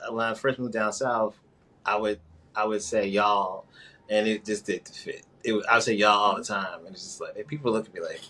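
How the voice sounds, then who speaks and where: A man with a lowish voice talks in a loose, rambling way, stopping and restarting his sentences. He is from New York and chats casually, laughing now and then. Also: fairly even intonation, pushed and bright. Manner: rambling, halting, quick laughs. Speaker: guest. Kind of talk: casual conversation.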